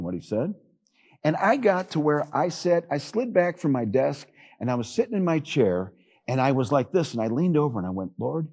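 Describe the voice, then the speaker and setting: A middle-aged man preaches in a church, chatting with his congregation in a folksy, storytelling way. His voice is warm and slightly husky, and it rises and falls freely as he talks. He chuckles now and then. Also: fairly high pitch. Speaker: assistant pastor. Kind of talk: sermon.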